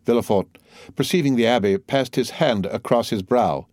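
A man narrating a classic novel aloud in a measured, dramatic reading. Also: medium pitch, a little mellow, dry recording, clean studio sound. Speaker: audiobook narrator.

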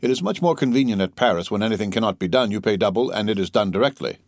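A man reading an audiobook, voicing a flippant, mocking young French gentleman who talks in a breezy, teasing way. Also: on the low side, lively intonation, rapid-fire, no room sound, studio quality.

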